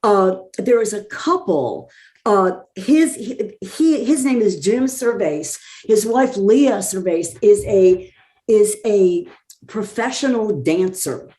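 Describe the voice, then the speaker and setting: A woman's voice: medium pitch, animated, slow pace, dark tone. A woman talking enthusiastically as a podcast guest, effusive and chatty. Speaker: guest promoting a community theater show. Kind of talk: casual chat.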